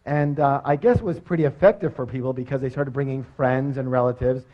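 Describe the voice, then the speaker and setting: A man giving a motivational seminar talk, energetic and quizzing his audience with questions. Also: mid-range voice, fairly quick. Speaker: seminar speaker. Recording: dull lo-fi recording.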